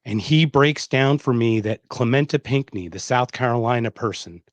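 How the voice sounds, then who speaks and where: A middle-aged man hosts a podcast and spins a long personal story with emphatic, animated delivery, voicing the people he quotes. His voice sits at an ordinary pitch and is recorded close and dry on a podcast mic, with no room sound at all. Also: moderate pace, dry recording. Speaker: podcast host. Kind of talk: casual conversational storytelling.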